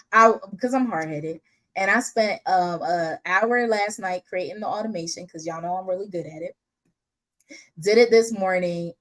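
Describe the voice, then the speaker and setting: Woman coach, mid-range voice, unscripted and candid, quick to laugh. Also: mid-range voice, low-quality recording. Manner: lively, laughs often, slangy and candid. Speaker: business coach. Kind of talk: casual unscripted teaching.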